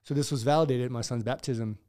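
A man's voice: medium pitch, fairly even intonation, fast, darkish tone. A man who is a gym owner, speaking as a podcast guest, earnest and reflective in casual chat.

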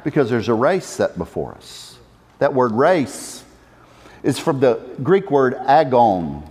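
A man's voice: mid-range voice, big pitch swings, slow pace, darkish tone. A male pastor preaching a sermon, impassioned and building to emphatic exhortations. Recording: echoey church hall reverb.

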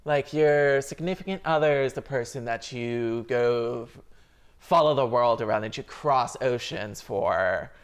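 A man with a gravelly, fry-edged voice talks earnestly in a relaxed podcast chat. He rambles through his thoughts, circling back with filler words as he goes. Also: medium pitch, unhurried. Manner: earnest, filler-heavy with many "like"s. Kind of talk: casual chat.

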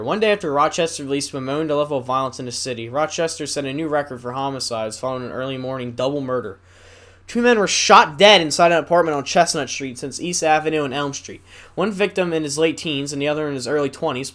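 A young man hosting a solo podcast, rambling casually and reading news stories aloud haltingly with asides. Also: medium pitch, fairly bright tone. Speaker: podcast host.

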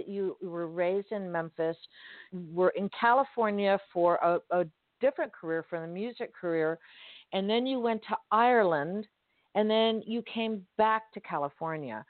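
A woman's voice: mid-range voice, no echo, phone-quality sound. A woman interviewing a writer, asking questions attentively and affirming his answers. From Southern United States. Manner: attentive, with brief affirming responses.

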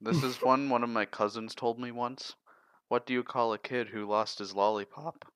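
Guy reading out riddles on a podcast, medium pitch, dry close mic. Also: normal speed, clean tone, no room sound. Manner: reads long riddles in a steady listing way. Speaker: podcast co-host. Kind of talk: casual chat, reading riddles aloud.

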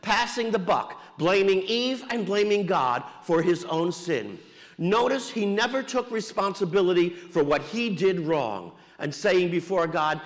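A man's voice: high voice, animated, moderate pace, fairly bright tone, big-room sound. A man, a Catholic priest, giving a homily in a conversational preaching style with wry jokes, in a church.

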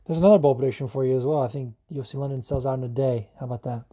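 A man hosting a podcast in casual, rambling chat, excitable and swearing freely. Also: mid-range voice, rapid-fire, husky. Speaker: podcast host.

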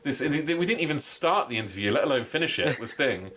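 A man co-hosting a casual wrestling chat, animated and swearing freely. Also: fairly high pitch, fairly quick. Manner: animated, swears a lot, mimics people he quotes. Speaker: wrestling podcast co-host.

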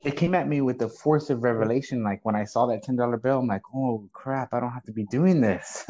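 A man with a middle-pitched voice talks loosely and haltingly in a relaxed chat. The sound is dull and lo-fi. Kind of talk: casual chat.

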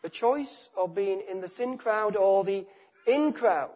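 A man. He stresses points with repetition and lets sentences trail off softly. His delivery is emphatic and direct. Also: high voice, lively intonation, unhurried. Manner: emphatic, repeats phrases, drops to quiet endings. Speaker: preacher. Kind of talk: sermon.

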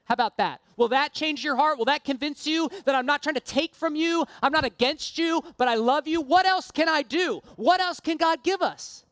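A woman's voice: high-pitched, normal speed, hardly any pauses, no echo, clean studio sound. A woman preaching a sermon, earnest and impassioned, mixing casual self-deprecating asides with emphatic appeals.

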